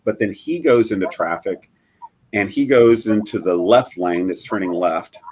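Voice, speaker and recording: A middle-aged man telling a personal story as a guest in a live interview, halting and earnest, with many fillers and restarts. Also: lowish voice, darkish tone. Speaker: guest, bereaved father.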